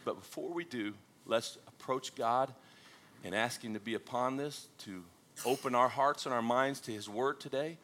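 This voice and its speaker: A man's voice: mid-range voice, bright, forceful tone. A man preaching a sermon, folksy and humorous, with chuckles and joke stories. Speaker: pastor. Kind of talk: sermon with jokes.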